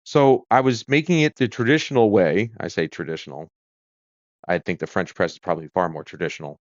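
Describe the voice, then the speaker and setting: A low-voiced livestream host from the United States chats and rambles from a home room with a kitchen corner, full of fillers and restarts. He talks fairly quickly, and the audio is dry, echo-free, and a little dull, typical of a home streaming setup.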